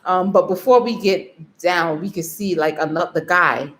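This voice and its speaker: A woman vlogger tells a story casually in a fairly low voice at a measured pace. She's animated, laughs often, and acts out the things she told herself in her own inner voice.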